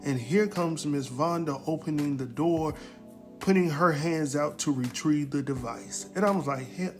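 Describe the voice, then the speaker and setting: A man recapping a TV episode in a casual, animated way, exclaiming and chuckling as he talks straight to his viewers. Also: fairly high pitch, moderate pace, soft background music.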